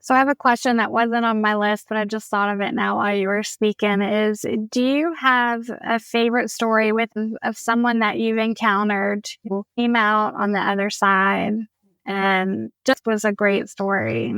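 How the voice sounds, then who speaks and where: A woman's voice: medium pitch, steady tone, moderate pace, a bit bright, clear, resonant tone, no echo. A woman co-hosting a podcast, asking questions and listening attentively with short affirmations. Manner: attentive, with frequent affirming backchannels. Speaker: podcast co-host. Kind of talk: casual interview.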